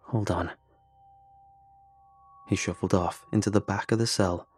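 Husky-voiced man narrating a horror story. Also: low-pitched, fairly even intonation, brisk, darkish tone, soft background music.

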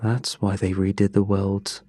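Queasy crewman, read by a man narrating: hushed, hollow, low, unhurried. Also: little pitch movement, no room sound. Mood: uneasy. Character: sickened crewman in a respirator, hollow-voiced.

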